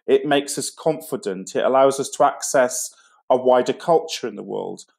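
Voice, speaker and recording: A man's voice: medium pitch, normal speed, creaky, a little mellow. A man giving an online school assembly talk, chatty and rambling with frequent fillers and restarts.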